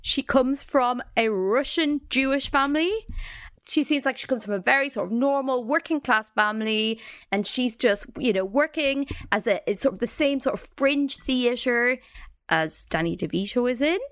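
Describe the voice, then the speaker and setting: A woman co-hosting a chatty podcast, her voice sitting a little high. She tells the story with fillers and asides, and the sound is close and dry, with no room around it. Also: normal speed, fairly bright tone, no room sound. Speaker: podcast co-host. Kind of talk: casual storytelling chat.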